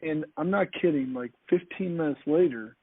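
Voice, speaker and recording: A man with a somewhat high, husky voice tells a story with eager energy, stopping and restarting his sentences. He is heard over a thin, phone-like call line with a dry sound. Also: normal speed, no room sound. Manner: enthusiastic, with frequent restarts. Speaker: podcast speaker. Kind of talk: animated anecdotal storytelling. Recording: tinny phone-like call audio.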